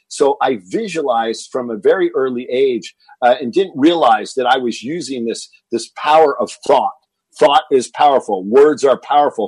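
A middle-aged man from Texas, a guest in an interview, telling stories in an animated way and acting out what people said. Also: mid-range voice, breathy edge, dry recording, rough recording. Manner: animated storyteller acting out quoted dialogue. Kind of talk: storytelling interview.

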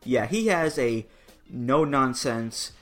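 A man's voice: medium pitch, lively intonation, takes it slowly, a bit bright, soft background music. A man co-hosting a podcast, giving wry, joking opinions in casual chat. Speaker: podcast co-host.

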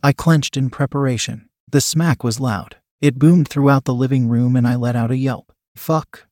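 A man narrating a first-person story as a scripted reading, in an even, steady manner. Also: mid-range voice, normal speed, no echo, studio quality.

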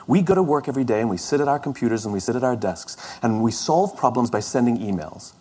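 A man's voice: medium pitch, lively intonation, fast, dark tone, slightly rough. Man telling a funny travel story. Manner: conversational, self-deprecating, with frequent restarts. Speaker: speaker. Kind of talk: storytelling talk.

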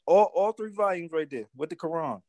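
A man speaking from his office on a video call, proudly showing items to the camera. His voice is fairly high, and the sound is dry with no room echo. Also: lively intonation, brisk, darkish tone. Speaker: meeting participant.

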